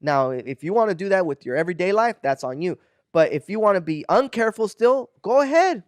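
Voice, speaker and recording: A man co-hosting a casual podcast chat, talking in an animated, defensive way and dropping in Spanish words. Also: high-pitched, quick pace, clear, resonant tone, no room sound. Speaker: podcast co-host. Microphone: podcast studio mic.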